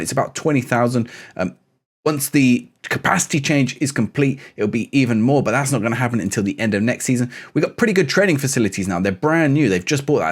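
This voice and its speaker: A man giving chatty, upbeat commentary on a football management game he is playing, with rambling asides. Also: mid-range voice. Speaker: gaming YouTuber.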